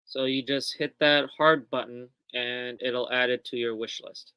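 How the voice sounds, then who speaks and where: Woman host chatting on a shop livestream, lots of ums, bright crisp voice. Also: rumbling low, fairly even intonation, unhurried, no echo. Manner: chatty, many ums and self-corrections. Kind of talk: casual live product walkthrough.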